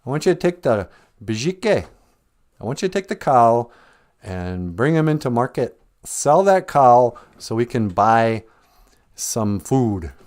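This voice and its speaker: A scolding mother character in a told story, bossy and exasperated, as a man puts her on. She rattles off orders fast, and her voice swings up and down. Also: medium pitch, sing-song, darkish tone.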